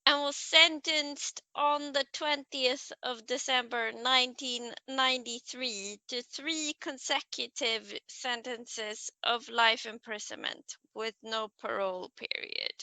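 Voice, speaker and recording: A woman's voice: a little high, fairly even intonation, slow, hardly any pauses, bright, forceful tone, no echo, low-quality recording. A woman co-hosting a true crime podcast, recounting facts in a matter-of-fact way. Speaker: podcast co-host.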